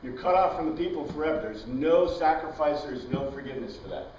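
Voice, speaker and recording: A man's voice: medium pitch, expressive, a little fast, darkish tone, slight background noise. A man teaching an informal Bible class, chatty, quizzing his students and wandering into tangents. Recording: dull, echoey room recording from far off.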